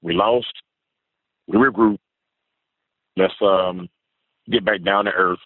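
A very low-voiced man with a husky grain, heard over a tinny phone line. He calls in to a fan show from near Memphis, Tennessee, tired but upbeat. He rambles in a preachy, cheering way, and his voice sounds dry and close. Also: fairly even intonation, slow pace, no room sound. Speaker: caller.

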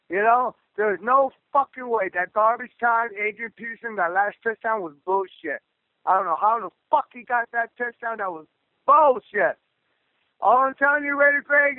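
Angry caller guy yelling high and cussing nonstop, tinny dry phone line. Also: dry recording. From Southern California. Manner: angry, profane ranting at a raised pitch. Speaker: caller to a radio show. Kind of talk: call-in rant.

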